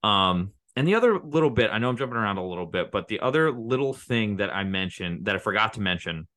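A man's voice: on the low side, animated, fast talker, sharp tone, no echo. A man co-hosting a casual movie podcast, rambling through the plot with many restarts and fillers. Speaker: podcast co-host.

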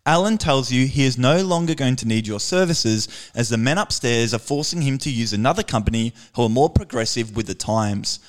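A man's voice: medium pitch, animated, a little fast, hardly any pauses. A man hosting an improv game, reading out the scene setup with laughing asides.

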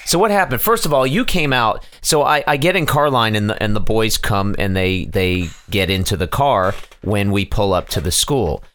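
A man's voice: lowish voice, moderate pace, few pauses. A middle-aged man co-hosting a casual family podcast, telling stories with lots of stammers and restarts. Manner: animated storyteller, frequent stammers and restarts. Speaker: podcast co-host, father.

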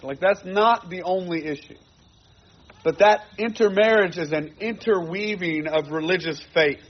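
Husky high-voiced man preaching. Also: muffled recording. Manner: earnest, repeats phrases for emphasis. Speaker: pastor. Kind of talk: sermon.

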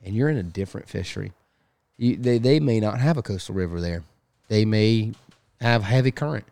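A young adult man hosting a casual fishing podcast, rambling and repeating words, and getting animated when he tells a story. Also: fairly low pitch, a little fast, creaky, no echo. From Sneads Ferry, North Carolina. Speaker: podcast host, fishing guide captain.

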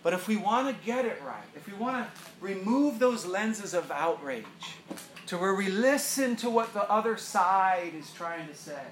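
A middle-aged man preaching a sermon as pastor, animated and joking, often laughing. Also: high voice, normal speed. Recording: roomy echo, faint room noise.

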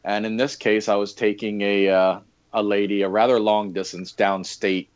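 A man's voice: on the low side, flat delivery, normal speed, clean tone. Laid-back man telling stories over lo-fi audio. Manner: rambling, laughing anecdotes with many fillers. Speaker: podcast guest, former historic fort coordinator and EMT. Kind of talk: casual interview storytelling. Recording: dull lo-fi remote audio.

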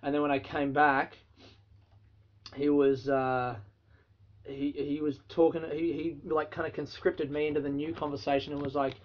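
Swearing, laughing Australian man, a bit high. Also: level tone, moderate pace, dull audio. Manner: loose, profane, laughs through his stories. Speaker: podcast host. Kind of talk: casual solo storytelling.

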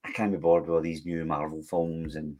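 A man's voice: very deep voice, flat delivery, brisk, dark tone. A Scottish man chatting casually on a podcast, rambling and restarting his sentences. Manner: rambling, restarts a lot with "kinda" and "aye". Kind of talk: casual chat.

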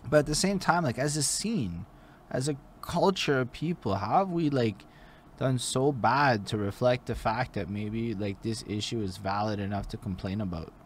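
A man hosting a casual interview, talking loosely with lots of swearing and rising excitedly at times. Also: medium pitch, normal speed, a little hiss or hum. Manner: loose and profane, voice rises when animated. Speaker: host and interviewer. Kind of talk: casual podcast chat.

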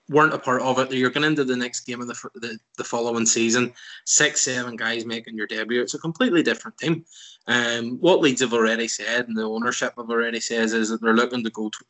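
A man's voice: mid-range voice, sharp tone, poor audio. A man, a guest on a football chat show, giving his opinions in long, rambling, casual answers. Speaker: podcast guest, football fan.

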